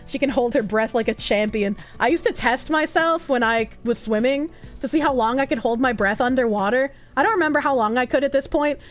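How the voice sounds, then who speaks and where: A woman's voice: high voice, brisk, few pauses, faint music behind. A woman streamer chatting casually and reading viewer comments, rambling and joking, often laughing and swearing.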